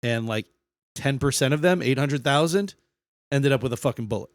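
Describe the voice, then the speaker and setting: Dude on a podcast going over history, lots of swearing, dry close mic sound. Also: male voice, medium pitch, lively intonation, a little fast, no room sound. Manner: swears a lot, lectures on history. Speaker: podcast co-host. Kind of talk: casual podcast chat.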